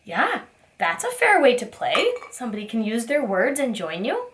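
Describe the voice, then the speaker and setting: A woman teaching a preschool circle time, asking gentle questions in a sing-song teacher voice. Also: a little high, huge pitch swings, normal speed. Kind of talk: circle time lesson for young children.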